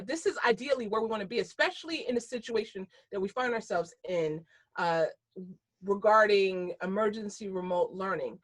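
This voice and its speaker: A woman's voice: medium pitch, lively intonation, moderate pace, slightly rough. A middle-aged American woman giving a conversational keynote presentation over a webinar, speaking with frequent fillers and restarts.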